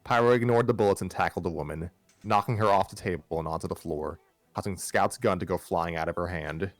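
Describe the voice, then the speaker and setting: A man with a very low voice reads a fan story aloud on a live stream. He trips over words, restarts lines and drops wry asides. The sound is dry, with no room around it. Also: fairly quick, no room sound, soft background music. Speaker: host reading a fan story.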